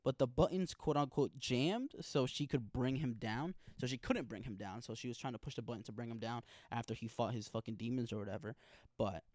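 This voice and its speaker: A man's voice: mid-range voice, fairly quick, darkish tone, no echo, clean studio sound. A young man recapping a TV episode from his notes, casual, slangy and full of swearing. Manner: profane, slangy, emphatic. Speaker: TV episode reaction host.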